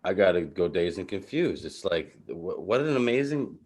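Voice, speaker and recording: A man's voice: sits low, sing-song, moderate pace, a little mellow. A man on a casual panel, giggly and rambling, laughing often. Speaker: panel guest. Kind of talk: casual chat.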